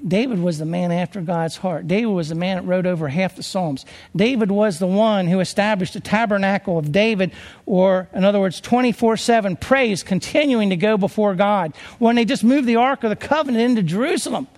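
A man's voice: high voice, long reverb tail. A man preaching a conversational sermon, rambling a little and restarting his sentences as he works through scripture.

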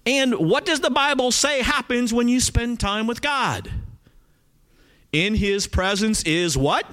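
A man's voice: very high-pitched, a little slow, long pauses. A male pastor with a Southern accent preaching a sermon, talking straight to his congregation with frequent check-ins. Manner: animated, talks straight to the congregation with frequent "okay?".

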